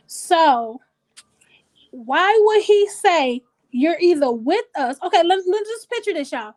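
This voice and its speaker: High-voiced woman hosting, blunt and animated. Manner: animated, blunt and profane, pausing to reason aloud. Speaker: host. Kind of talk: casual talk show discussion.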